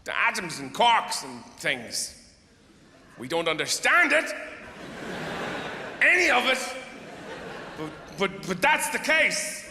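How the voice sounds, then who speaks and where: A man's voice: high-pitched, very animated, measured pace, pushed and bright, a little hiss or hum. A middle-aged man performing stand-up comedy on stage, rambling and sardonic, swearing freely and breaking into outbursts. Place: live theater stage. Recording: echoey theater hall, faint audience.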